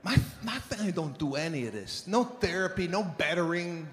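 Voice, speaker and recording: A man's voice: high-pitched, brisk, slight background noise. A man doing stand-up comedy on stage, telling exasperated stories and acting out voices. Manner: animated, exasperated storytelling with acted-out voices. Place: live comedy venue on stage. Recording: roomy hall echo, faint ambience.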